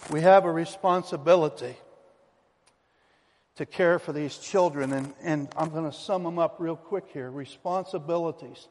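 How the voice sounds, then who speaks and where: Preaching at a normal speed, this man's voice sits a little high with a darkish tone. He's a pastor addressing his congregation through emphatic, folksy stories, and the church hall gives everything a long reverb.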